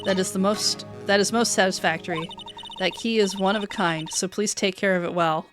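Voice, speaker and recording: A woman's voice: mid-range voice, fairly even intonation, a little fast, close to an everyday voice. A woman streamer voicing a proud, bitter older woman who speaks imperiously, over game music.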